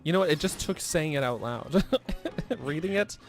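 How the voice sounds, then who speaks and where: A man's voice: on the high side, expressive, normal speed, creaky, faint music behind. A man chatting casually on a game live stream, joking and reading the chat aloud. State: a little out of breath.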